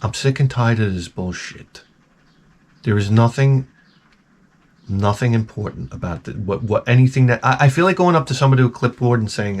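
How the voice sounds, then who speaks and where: A man's voice: medium pitch, expressive, fairly quick. A man hosting his own video channel, delivering a crude, profane, rambling comedic rant to camera. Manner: jokey, exaggerated. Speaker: YouTube host.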